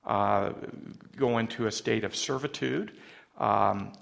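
A man preaching a sermon in a halting way, often repeating words as he starts a phrase. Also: lowish voice, vocal fry, a bit bright. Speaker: pastor.

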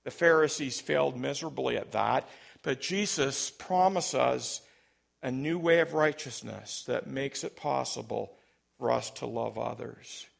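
Gravelly preacher delivering an emphatic sermon. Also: male voice, medium pitch, a little slow. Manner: emphatic, storytelling, big swings in loudness. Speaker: pastor.

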